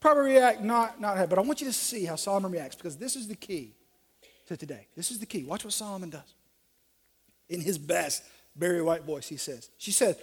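A man preaching a sermon, animated, acting out dialogue with shifting voices. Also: sits high, brisk, husky. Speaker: pastor. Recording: long reverb of a large hall.

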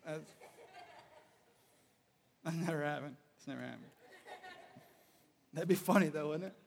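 A man giving a humorous storytelling talk, animated and acting out bits of dialogue. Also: fairly high pitch, fairly quick, creaky, a faint crowd, slight background noise. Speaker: speaker. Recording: reverberant hall.

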